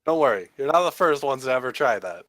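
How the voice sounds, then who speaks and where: A man's voice: mid-range voice, lively intonation, fast, fairly bright tone, dry recording, clean studio sound. A man acting as game master, ruling on rolls and damage in a tabletop game. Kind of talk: running a tabletop game over voice chat.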